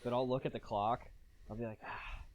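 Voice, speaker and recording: A man's voice: mid-range voice, little pitch movement, fast, darkish tone, lo-fi sound, a little hiss or hum. A man in his thirties hosting a podcast, chatting in a candid, rambling way and laughing at himself. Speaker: podcast host. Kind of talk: casual comedic chat.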